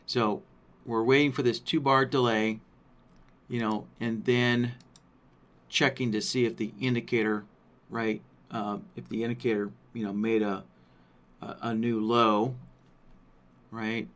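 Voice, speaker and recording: A man presenting a live software workshop, walking through settings on screen while thinking aloud and checking in with listeners. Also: medium pitch, level tone, unhurried. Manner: thinks aloud, frequent "right?" check-ins.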